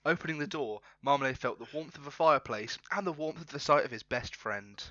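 A man's voice: fairly high pitch, fairly quick, bright, forceful tone, no room sound, lo-fi sound. A man reading aloud his own comic story in a casual chat, often laughing and breaking off to comment.

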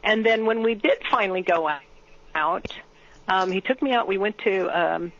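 A woman's voice: mid-range voice, moderate pace, fairly bright tone. Older woman rambling through a story. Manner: rambling with restarts and laughs. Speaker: actress guest. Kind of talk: anecdotal interview storytelling. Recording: dull lo-fi audio.

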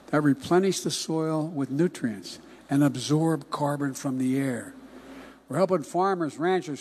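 An older man giving a political speech in a folksy, emphatic way, often dropping into hushed asides. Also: a little high. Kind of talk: political campaign-style speech.

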